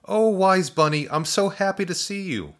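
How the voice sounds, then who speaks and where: A man voicing an excitable, chatty young boy who talks in high, eager bursts. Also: moderate pace. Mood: excited. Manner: high, eager, breathless outbursts.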